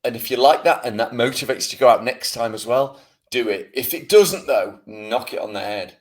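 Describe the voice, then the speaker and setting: Animated, swearing British man on a podcast. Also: mid-range voice, brisk. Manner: animated, swearing, self-mocking rant. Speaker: podcast co-host. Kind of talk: casual podcast chat.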